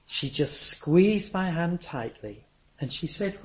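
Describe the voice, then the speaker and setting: A man's voice: a little high, lively intonation, slow pace. An older man, preaching a sermon with earnest, anecdotal storytelling.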